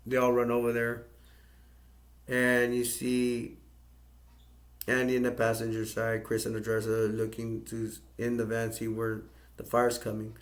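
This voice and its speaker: A man from the United States talks through a movie's story scene by scene. His pitch sits in the middle and barely moves, giving a flat, even delivery. He rambles and circles back as he goes. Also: measured pace, pauses often. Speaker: movie reviewer. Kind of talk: casual plot recap.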